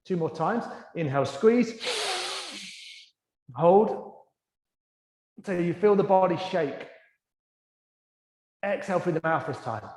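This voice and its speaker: A man leads a yoga class in a studio, his voice sitting a little high for a man. He gives gentle, encouraging cues and slows down for the breathing work. The room rings with noticeable echo. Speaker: yoga teacher. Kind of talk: guided yoga class instruction.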